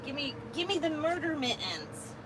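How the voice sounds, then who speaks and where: Woman trucker chatting on a live stream, bit high voice, talks to her cat a lot, loud truck cab noise behind. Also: very animated, normal speed. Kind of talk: casual live-stream chat.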